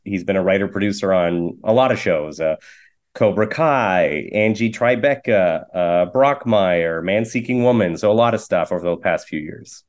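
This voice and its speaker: Canadian guy in his 40s telling rambly self-deprecating jokes, lowish voice. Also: darkish tone. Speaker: guest, actor and comedian. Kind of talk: casual interview chat.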